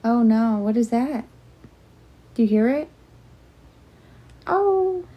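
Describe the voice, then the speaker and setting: Young woman, casual livestream chat, rambling, filler words, slightly high voice, at home. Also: lively intonation, takes it slowly, muffled recording.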